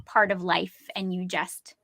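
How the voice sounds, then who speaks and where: A woman's voice: on the low side, flat delivery, a little slow, gravelly, bright, forceful tone, dry recording. A woman co-hosting a casual online interview, chatty and upbeat, asking rambling questions with fillers. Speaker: interview co-host.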